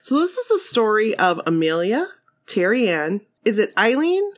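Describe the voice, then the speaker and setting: A woman's voice: mid-range voice, big pitch swings, moderate pace. A woman co-hosting a podcast in casual chat, laughing easily and exclaiming, before she reads out a story. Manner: laughs easily, exclaims, shrieks when amused. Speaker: podcast co-host.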